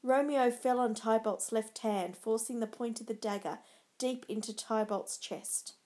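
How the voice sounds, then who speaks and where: A woman narrating a dramatic story in a measured storybook style. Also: a little high, darkish tone.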